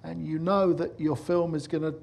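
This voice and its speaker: A middle-aged film director giving a lecture, telling anecdotes and acting out the voices of the people in them. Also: male voice, a little high, little pitch movement, moderate pace, gravelly, a little mellow.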